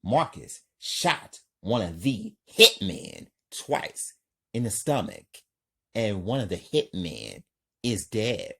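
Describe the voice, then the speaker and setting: A man's voice: on the low side, big pitch swings, slow, gravelly, sharp tone, breathy edge. A man reading a crime script aloud in plain, scene-by-scene narration. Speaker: storyteller.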